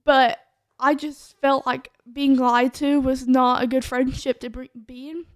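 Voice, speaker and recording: A woman's voice: sits high, little pitch movement, a little slow, no echo, studio quality. A woman, a podcast co-host telling her testimony in a casual chat, full of "like" fillers.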